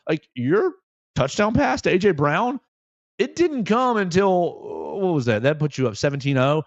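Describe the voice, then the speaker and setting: Man, sports talk host, fairly high voice, animated and emphatic, dry dull lo-fi sound. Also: normal speed, dry recording. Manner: animated, repeats phrases for emphasis. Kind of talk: solo sports talk commentary.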